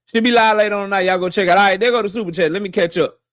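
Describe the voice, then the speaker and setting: A man hosting a boxing live stream from his office, talking loose and profane and shouting out viewers by name. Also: high-pitched, quick pace, no echo, clean studio sound. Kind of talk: casual live-stream chat. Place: home office.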